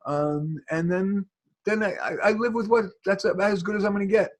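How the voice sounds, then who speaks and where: A man's voice: high-pitched, brisk. A man from New York giving rambling advice over a video call, full of restarts and fillers. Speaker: guest expert.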